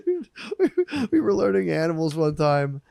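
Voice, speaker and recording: A man's voice: on the high side, big pitch swings, moderate pace, creaky, dark tone, no echo. A man in his thirties, a podcast co-host telling stories in casual comedic chat, laughing often. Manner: laughing storyteller, mimics people in quotes.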